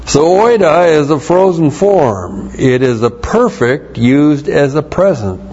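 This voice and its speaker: A man preaching a Bible teaching sermon, explaining Greek words slowly and spelling them out letter by letter. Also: on the high side, expressive, darkish tone, slightly rough. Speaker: pastor. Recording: dull lo-fi sermon recording.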